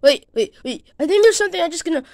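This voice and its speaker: A channel host with a high, very lively female voice narrates a toy adventure. Excitable, she swings her pitch up and down and switches voices quickly, bickering with herself as if arguing with a friend. It's loose, playful and unscripted.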